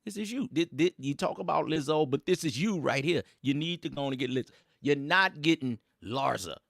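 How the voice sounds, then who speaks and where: A man's voice: on the high side, lively intonation, a little fast, gravelly, fairly bright tone, no echo, studio quality. A man hosting a casual commentary show, mocking and teasing his audience in slangy speech. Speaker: host.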